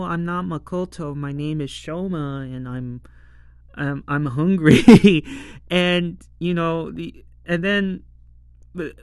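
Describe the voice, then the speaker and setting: A man's voice: fairly high pitch, fairly bright tone, clear, resonant tone, dry recording, studio quality. A man hosting his own show, chatting casually through an episode recap and laughing often. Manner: chatty, laughs often, fillers like "you know" and "whatnot". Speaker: show reviewer and host.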